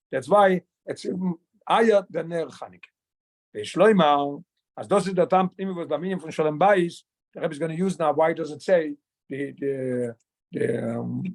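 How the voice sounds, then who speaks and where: Man, high voice, Torah lesson, rhetorical questions, middle-aged. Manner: mixes English with Yiddish and Hebrew terms, asks and answers his own questions. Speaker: rabbi teaching a Torah class. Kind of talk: Torah lesson explaining a text.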